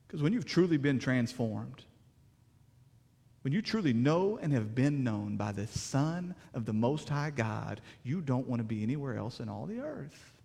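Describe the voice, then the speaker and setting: A man preaching a sermon with emphatic delivery and rhetorical questions, swinging between loud declarations and hushed passages. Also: mid-range voice, animated, moderate pace, gravelly, breathy edge, big-room sound. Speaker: pastor.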